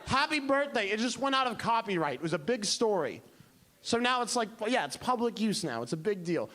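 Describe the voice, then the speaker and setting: A man's voice: high-pitched, fairly quick. A man performing a stand-up comedy set, talking animatedly and acting out the voices in his stories. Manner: animated, acts out voices in quotes. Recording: live club recording with audience noise.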